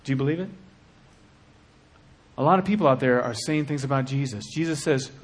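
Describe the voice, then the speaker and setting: A man preaching a sermon with passion, dropping to a hush and then rising to shouting. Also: mid-range voice, a little fast. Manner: impassioned, swings from hushed to shouting.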